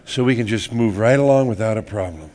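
A man's voice: fairly low pitch, a little fast, darkish tone. A man preaching a sermon in a church, folksy and joking, repeating words and acting out little everyday scenes. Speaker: pastor.

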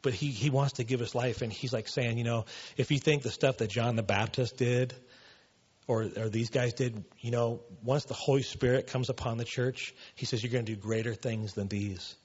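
Husky guy preaching real casual in a church, lots of "you know", muffled sound. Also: medium pitch, fairly even intonation, normal speed, a little mellow. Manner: casual, with many fillers like "you know" and "man". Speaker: pastor. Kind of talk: casual sermon.

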